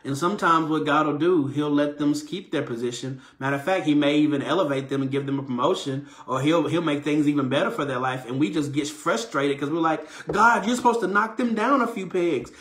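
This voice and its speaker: A man preaching a conversational morning sermon, acting out the quoted speakers in an animated way. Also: brisk, hardly any pauses, echoey room. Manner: animated, acts out quoted voices in a higher pitch.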